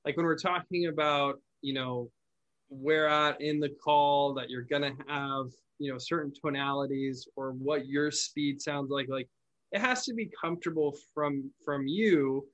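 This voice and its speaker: A man who owns a call center, hosting a podcast and explaining phone sales in a relaxed, chatty way, often restarting his words. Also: fairly high pitch, unhurried, dull audio. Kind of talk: casual conversational podcast chat.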